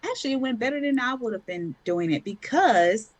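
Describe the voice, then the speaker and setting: A woman, a podcast guest and mother, telling stories in a casual, animated way, acting out quotes with bursts of laughter. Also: a little high, fairly quick, no room sound. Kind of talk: casual conversational storytelling.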